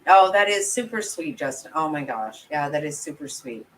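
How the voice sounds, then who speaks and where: A woman hosting a commentary channel livestream chats with her viewers, giggling often and poking fun at herself. Her voice is low-pitched with lively intonation at a normal speed, and the recording is rough.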